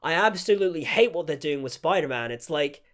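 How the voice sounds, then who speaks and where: A man's voice: on the high side, lively intonation, fairly quick, fairly bright tone. A young man giving a casual, critical film review, peppering his talk with "like". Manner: critical, frequent "like" fillers. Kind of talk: casual opinion vlog.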